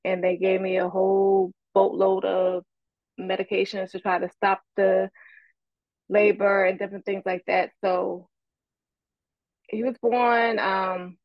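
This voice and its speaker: Hoarse woman co-host, dull sound. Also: medium pitch, dry recording. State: hoarse from illness. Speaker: podcast co-host. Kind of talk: casual podcast chat.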